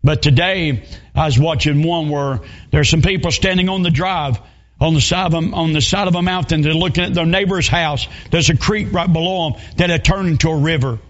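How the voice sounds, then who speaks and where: Southern revival preacher, male, high voice, emotional storyteller who breaks into shouts, slightly muffled recording. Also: brisk. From North Carolina. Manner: emotional, rising to shouts in retold scenes. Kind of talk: sermon storytelling.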